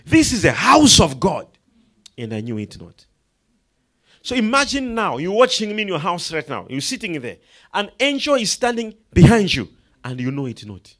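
A man preaching a sermon, swinging between hushed asides and loud emphatic declarations, acting out the people in his stories. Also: high-pitched, sing-song, moderate pace. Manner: quotes and acts out characters in the story, laughing.

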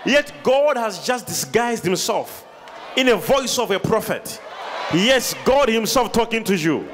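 A man preaching a sermon to a congregation, shouting and calling for responses. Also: high-pitched, sing-song, measured pace. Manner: emphatic call-and-response preaching, often shouting. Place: large hall with a congregation. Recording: reverberant hall, crowd noise behind.

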